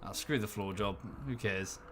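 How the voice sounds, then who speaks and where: Chatty British man with faint background music. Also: normal speed. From United Kingdom. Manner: rambling, chatty, hesitant with many fillers; breaks into high, exaggerated voices when quoting people. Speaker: streamer. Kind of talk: casual chat while playing a game.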